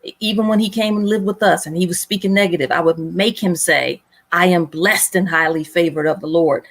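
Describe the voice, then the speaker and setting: A woman's voice: lowish voice, brisk. Earnest woman telling a faith story. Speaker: guest. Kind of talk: emotional personal storytelling.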